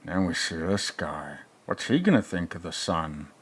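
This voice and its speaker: A man's voice: sits low, expressive, moderate pace, slightly rough. A man playing a crude, rambling older male movie reviewer who mutters sarcastic asides in a comedic reaction commentary.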